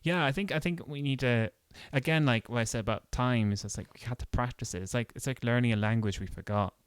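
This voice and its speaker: A man's voice: mid-range voice, clean tone, no echo, clean studio sound. A man hosting a podcast interview, playful and teasing. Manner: playful, teasing, quick to joke and laugh. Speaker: podcast host.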